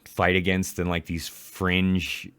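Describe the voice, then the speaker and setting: A man's voice: low voice, monotone, takes it slowly, fairly bright tone, clear, resonant tone, no room sound. An adult man ranting angrily in a profane reaction commentary, recorded close on a mic. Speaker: commentary YouTuber.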